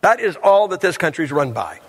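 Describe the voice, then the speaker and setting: A man's voice: a little high, very animated, a little fast, husky. A man preaching a humorous sermon at a church service, telling stories in a blunt, joking way.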